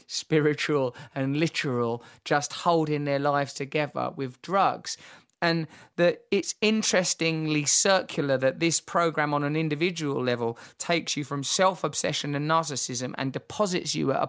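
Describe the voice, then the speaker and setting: Animated man, higher-pitched storyteller. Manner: animated, vivid storyteller with fillers and restarts. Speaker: podcast host. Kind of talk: candid conversational storytelling.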